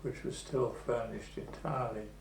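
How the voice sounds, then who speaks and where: A man in his eighties recalling the past in an oral history interview, telling his story slowly and with pauses. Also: mid-range voice, steady tone, gravelly, a little mellow. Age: 80s. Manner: slow, measured storytelling with pauses. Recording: echoey room with faint hum.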